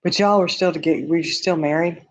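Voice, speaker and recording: A man's voice: on the high side, a little fast. A man hosting a casual livestream, reading viewer comments and talking bluntly and candidly, often laughing at his own remarks. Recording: dull lo-fi stream audio.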